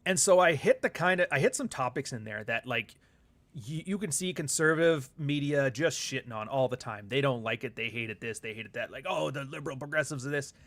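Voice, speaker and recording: A man's voice: mid-range voice, animated, brisk, fairly bright tone. A man hosts a loose, rambling livestream chat with a mid-range voice. He swears freely and drifts between topics, breaking into laughter and reading out viewer comments as he goes. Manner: rambling and profane, with frequent laughs; reads viewer comments aloud. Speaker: author and livestream host.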